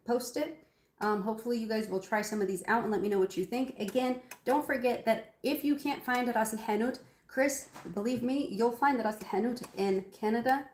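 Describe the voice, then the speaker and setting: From her home kitchen, a woman hosts a casual cooking livestream, rambling to viewers with plenty of ums. Her voice is on the high side, and the room is echoey.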